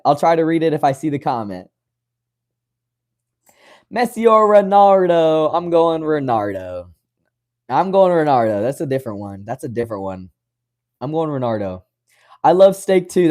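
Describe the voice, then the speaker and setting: A man in his twenties from West Virginia, casually reading and answering viewer comments on his livestream, friendly and quick to laugh. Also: a little high, a little mellow. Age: 20s. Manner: friendly, calls viewers brother, laughs often. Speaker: livestream host.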